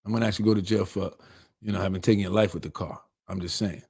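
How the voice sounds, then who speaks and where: A man's voice: deep voice, steady tone, rapid-fire, creaky, a little mellow, breathy edge. Man, middle-aged, political show host, streetwise, blunt, heated monologue.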